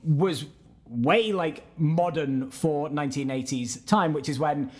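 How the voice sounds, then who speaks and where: A man talks through an old film in a loose, candid podcast chat, swearing here and there as he retells scenes. His voice sits a little high for a man. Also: takes it slowly, a little mellow. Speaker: podcast co-host. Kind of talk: casual film review chat.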